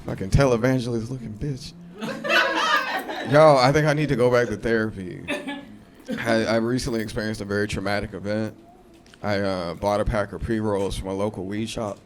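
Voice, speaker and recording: A man in his thirties doing a stand-up set, brash and profane, jumping into shrill high voices for punchlines. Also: steady tone, normal speed, background noise. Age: 30s. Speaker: stand-up comedian. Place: comedy club stage. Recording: live club crowd laughter. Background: audience laughing.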